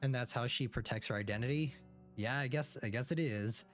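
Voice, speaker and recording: A man's voice: medium pitch, fairly bright tone, faint music behind. Man reading a visual novel aloud. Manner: narrates in first person, breaks off for quick reactions. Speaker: streamer.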